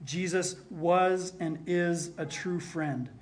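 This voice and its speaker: Speaking slowly in a high-pitched voice, a man preaches as pastor with real earnestness. He repeats his main lines for emphasis and at moments falls to a soft hush.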